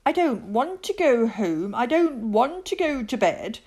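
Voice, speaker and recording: Woman doing a stubborn boy tiger cub, whiny, high and bouncy, storybook read-aloud. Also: sing-song, unhurried, darkish tone, husky, exaggerated voice. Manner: whiny, insistent. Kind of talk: storybook reading.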